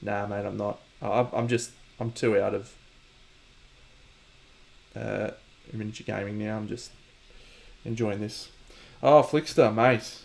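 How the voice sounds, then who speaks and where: A man's voice: on the low side, little pitch movement, measured pace, creaky, pauses often, a little mellow, a little hiss or hum. A man with an Australian accent, casually chatting to viewers on his stream while painting, joking and mock-boastful, swearing freely.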